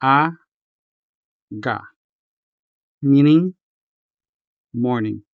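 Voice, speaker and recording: A man narrates a scripted language lesson, breaking words into syllables at an unhurried pace. His voice is smooth and clear. The recording is dry and a little dull. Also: medium pitch, no echo. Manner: slow, careful, spells out syllables. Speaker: language tutor.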